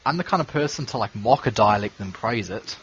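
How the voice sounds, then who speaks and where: Lively joking man with a New Zealand accent. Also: on the low side, a little fast, a little hiss or hum. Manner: joking, crude banter. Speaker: podcast co-host. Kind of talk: casual chat. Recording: dull lo-fi recording.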